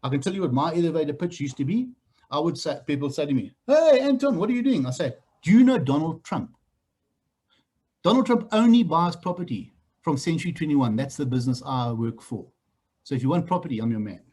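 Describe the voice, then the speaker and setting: South African trainer, middle-aged man, husky and fairly high, blunt and teasing delivery for group training. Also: brisk. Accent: South African English. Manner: blunt, animated, teasing the room. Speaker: real estate trainer. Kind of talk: training talk to new agents.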